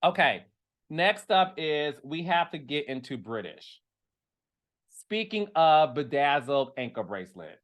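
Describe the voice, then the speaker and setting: A sassy man dishing reality TV gossip to his viewers, his voice swooping all over from low asides up to high exclamations. He takes his time with the words, unhurried even when he gets dramatic. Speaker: host of a reality TV gossip show. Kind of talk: animated casual commentary.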